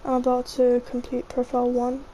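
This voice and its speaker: Chatty young woman, high voice. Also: monotone, fairly quick, dark tone, slight background noise, poor audio. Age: young adult. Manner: chatty and rambling, often says "mate". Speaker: gaming vlogger. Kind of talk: casual rambling gameplay voiceover.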